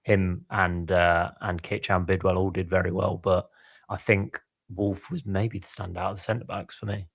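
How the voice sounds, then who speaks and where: A deep male voice with an English accent, recorded close and dry. He talks football casually but analytically, thinking aloud and pulling up player stats. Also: little pitch movement, normal speed, creaky, no room sound. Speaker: podcast co-host.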